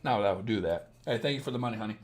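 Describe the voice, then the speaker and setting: A young man with a Southern Illinois accent hosts a late-night livestream as a dating coach. He talks bluntly and harshly, swearing often. His pitch swings widely as he talks. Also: lively intonation, rapid-fire.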